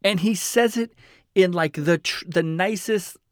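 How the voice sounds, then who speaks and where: A man's voice: high voice, a little slow, dry recording, clean studio sound. A man hosting a podcast, chatting casually and enthusiastically and laughing often. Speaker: podcast host. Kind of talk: casual chat.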